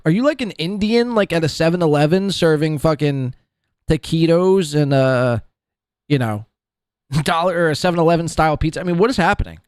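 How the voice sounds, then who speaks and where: A man's voice: on the high side, fairly quick, darkish tone, clear, resonant tone, dry recording, clean studio sound. A man hosting a podcast, ranting mockingly and profanely about people in a clip he plays. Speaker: podcast host. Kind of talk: ranting commentary over a played clip.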